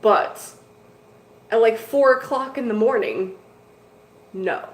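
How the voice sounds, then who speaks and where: A woman hosts a casual fish-keeping livestream from a home room packed with tanks, rambling chattily to viewers with lots of "like" and "dude." Her voice is fairly high and slow, and the room is echoey with faint noise.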